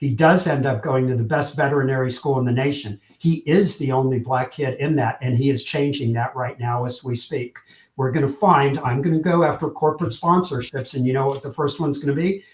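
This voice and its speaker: Man, interview guest, energetic storyteller, acts out quotes, mid-pitched voice, echoey room. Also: brisk. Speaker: publicist, podcast guest.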